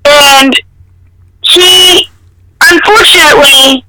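A woman's voice: sits high, takes it slowly, bright, forceful tone. A woman co-hosting a casual political talk show, talking hesitantly and checking her notes. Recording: noisy recording with clicks.

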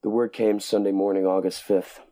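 An actor playing a grave male documentary narrator, reading in a measured, solemn way. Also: on the low side, flat delivery, dark tone, natural voice. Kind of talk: scripted narration.

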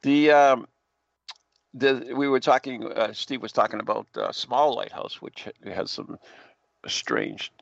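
Gravelly male host, very lively pitch, casual chat, dry lo-fi audio. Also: measured pace, no echo. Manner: laughs often, animated interjections. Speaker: podcast host.

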